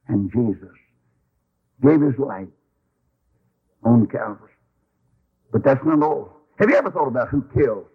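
Brief: emphatic folksy preacher, husky voice swinging up and down, dull radio sound. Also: male voice, on the high side. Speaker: Baptist preacher. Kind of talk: sermon.

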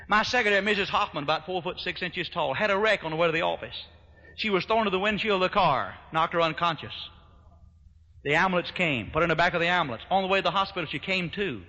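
A man preaching a sermon, telling a folksy story in an animated way as an old-fashioned gospel pastor. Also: sits high, fast. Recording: echoey hall, dull lo-fi sound.

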